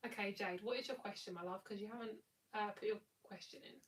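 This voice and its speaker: A woman's voice: medium pitch, fairly even intonation, quick pace, recorded from a distance, poor audio. Tired, chatty tarot reader woman. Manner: chatty, rambling, affectionate. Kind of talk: live-streamed tarot reading.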